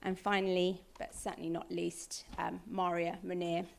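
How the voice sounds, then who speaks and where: Gravelly-voiced woman moderating a panel. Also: on the low side, little pitch movement. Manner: friendly, brisk, with fillers. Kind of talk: introducing panelists. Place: event hall with audience.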